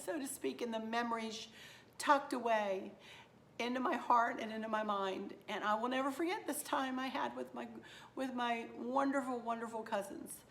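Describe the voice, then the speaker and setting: Hoarse lady vlogger, kinda high voice, gushy and rambly, just chatting to her viewers. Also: a bit bright. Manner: gushing, affectionate, rambling. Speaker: home decor vlogger. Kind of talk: casual chat to viewers.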